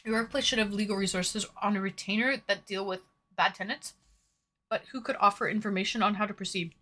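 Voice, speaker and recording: A woman's voice: mid-range voice, fairly even intonation, brisk, bright, forceful tone. A woman streamer chatting casually with viewers, reading their messages aloud and swearing freely. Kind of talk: casual chat.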